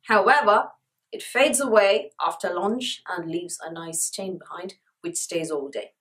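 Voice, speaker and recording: A woman's voice: fairly low pitch, unhurried, a bit bright, poor audio. A woman beauty vlogger with a sore throat, talking around a lozenge in a chatty, enthusiastic product review. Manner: chatty, enthusiastic, repeats words for emphasis.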